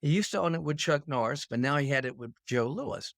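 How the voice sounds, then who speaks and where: An older man hosting his own show, telling an anecdote to camera in an animated storytelling manner. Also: brisk, gravelly, no echo, studio quality. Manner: animated anecdote-telling, pitch leaps on punchlines. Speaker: host.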